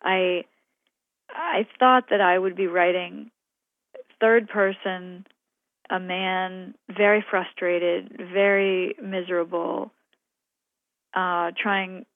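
Gravelly-voiced woman novelist on a radio line. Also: on the low side, fairly even intonation, slow, long pauses, no echo, phone-quality sound. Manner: thoughtful, hesitant, with restarts. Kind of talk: interview and reading from her novel.

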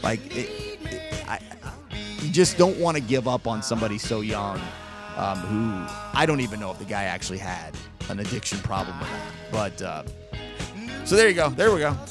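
A man's voice: fairly low pitch, very animated, moderate pace, pauses often, over music. A man hosting a radio show, telling a long casual story in a rambling, laid-back way with lots of fillers.

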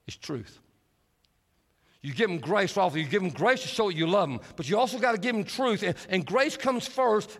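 A man preaching a sermon, telling stories and shifting from hushed, slow passages to lively, animated stretches. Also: high-pitched. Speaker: pastor. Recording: long hall reverb.

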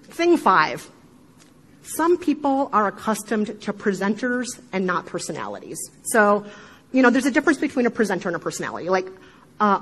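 A middle-aged woman with a Midwestern accent, giving an animated talk to a live audience, with emphatic asides and frequent laughter. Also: medium pitch, a little hiss or hum, rough recording. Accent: Midwestern American. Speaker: podcast speaker giving a talk.

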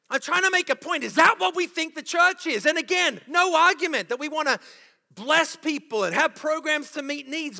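In a church auditorium with the long reverb of a large hall, a male pastor preaches with a very high-pitched, gravelly, sharp voice. His sermon is passionate, packed with rhetorical questions and edged with a little sarcasm.

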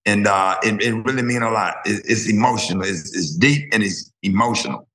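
Guy guest talking emotional and rambly, bright voice, echoey room. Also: fairly low pitch, brisk. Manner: emotional, rambling, repeats words. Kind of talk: emotional interview talk.

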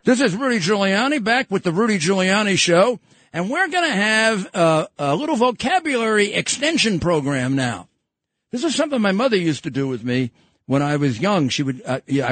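Older New York man, husky and rambling. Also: sits high, sing-song, a little fast, fairly bright tone, no echo. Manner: rambling, joking, with many fillers and restarts. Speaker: podcast host. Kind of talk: casual political talk show chat.

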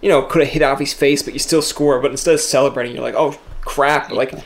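A man hosts a relaxed interview, telling stories with animation. He often slips into other people's voices to act out quoted lines. His pitch sits in the middle range for a man. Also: racing. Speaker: interview host. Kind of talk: casual interview chat.

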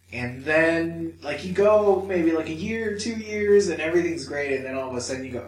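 A man's voice: a little high, expressive, normal speed, few pauses. Guy on a podcast venting, acts out his own thoughts, roomy echo, faint hiss. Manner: emotional, swearing, acts out inner voices. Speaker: podcast co-host. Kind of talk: candid podcast chat. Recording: echoey room, mic at a distance.

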